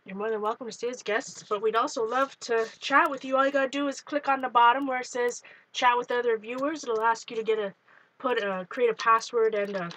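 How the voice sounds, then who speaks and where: A woman's voice: a little high, fairly even intonation, fairly quick, a bit bright, poor audio. A woman hosting a live art journaling stream, chatting casually and greeting viewers by name while she works. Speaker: art journaling livestream host.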